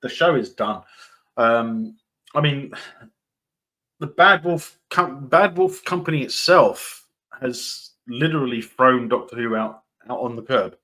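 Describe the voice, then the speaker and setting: A man talking casually on his own commentary channel, in a voice of ordinary middle pitch. He rambles with lots of ums and restarts, breaks in with short dry laughs, and is dismissive and repetitive as he hammers his points. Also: slow pace, sharp tone. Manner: dismissive, repeats points for emphasis. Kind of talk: casual opinion commentary, reading news excerpts.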